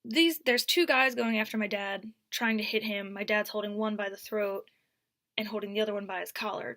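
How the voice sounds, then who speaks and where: Young female vlogger, storytime, bright and crisp up close, dynamic with whispered asides. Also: on the high side, no room sound. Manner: animated, swings from whispers to near-shouts. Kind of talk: storytime vlog.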